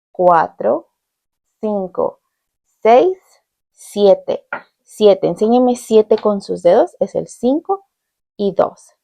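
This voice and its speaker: Woman, bilingual teacher, unhurried, gravelly tone, patient repetition for young kids. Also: on the low side, mellow. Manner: repeats each word in English and Spanish, encouraging. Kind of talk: slow bilingual classroom lesson for young children.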